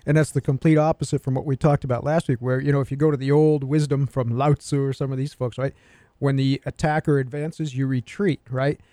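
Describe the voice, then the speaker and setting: A man co-hosting a radio talk show, engaged and agreeable, chiming in with quick affirmations. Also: mid-range voice, level tone, warm tone, dry recording, studio quality.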